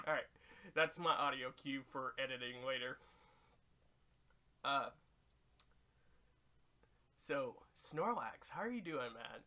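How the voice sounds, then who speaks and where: A man's voice: mid-range voice, animated, takes it slowly, pauses often, bright, forceful tone. A young man giving goofy, chatty commentary while streaming a mobile game, laughing often. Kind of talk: casual gaming commentary.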